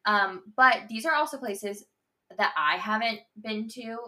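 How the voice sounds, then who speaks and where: A woman's voice: on the high side, a little slow, bright, forceful tone. A young woman co-hosting a podcast, telling a story in a chatty, rambling way full of "like". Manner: chatty storyteller, heavy use of "like". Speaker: podcast co-host. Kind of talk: casual chat. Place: in Nashville, indoors.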